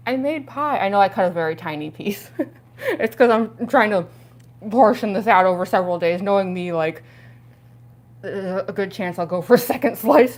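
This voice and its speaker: Young woman, livestream host: bubbly, rambly, laughs a lot, mid-range voice, talking around costume teeth. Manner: giggly, chatty, frequent laughs and fillers; excitable, pitch jumping up on exclamations. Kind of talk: casual livestream chat.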